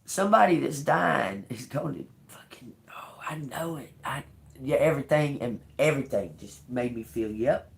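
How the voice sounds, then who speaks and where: A woman's voice: rumbling low, expressive, moderate pace, gravelly. A woman giving a live-streamed tarot reading, emotional and blunt, swearing freely. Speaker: tarot reader.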